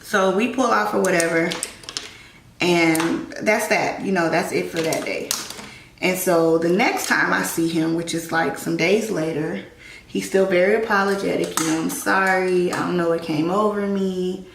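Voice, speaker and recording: A woman's voice: on the low side, fairly even intonation, moderate pace, creaky. A young woman telling a personal story in a casual, chatty way, often saying "like" and "you know". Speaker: vlogger. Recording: roomy echo, distant mic, faint noise.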